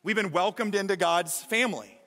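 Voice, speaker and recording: High, bright-voiced preaching man. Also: moderate pace, big-room sound. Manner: energetic, emphatic preaching. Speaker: pastor. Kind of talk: sermon. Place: large church hall.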